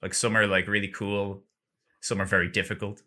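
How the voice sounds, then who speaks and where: Man, very bright tone, lowish voice, rambling casual chat, lots of fillers. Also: little pitch movement, fairly quick. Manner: rambling, heavy use of "like".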